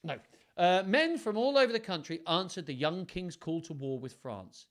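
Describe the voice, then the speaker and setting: A man's voice: high-pitched, animated, normal speed. Playful man reading a story aloud. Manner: playful, chatty, self-mocking asides. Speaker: storyteller hosting a livestream. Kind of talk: live read-aloud with chat to viewers.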